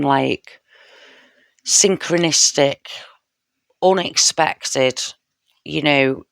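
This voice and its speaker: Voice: mid-range voice, gravelly, fairly bright tone, no echo. A tarot reader giving a casual spoken reading straight to the viewer, heartfelt and intimate, often checking in with "you know" and "yeah?".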